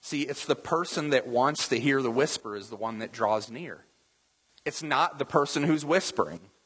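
A man's voice: mid-range voice, expressive, moderate pace, a bit bright, breathy edge. A man preaching a sermon in a conversational way, full of rhetorical questions and asides to the congregation. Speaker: pastor. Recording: reverberant hall.

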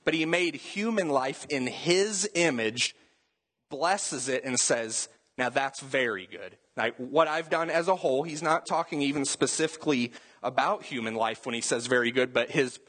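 A man's voice: mid-range voice, normal speed, a bit bright, slightly rough, big-room sound. A man preaching a sermon as pastor, talking in a casual, conversational way full of "like". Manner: casual and conversational, with many "like" fillers.

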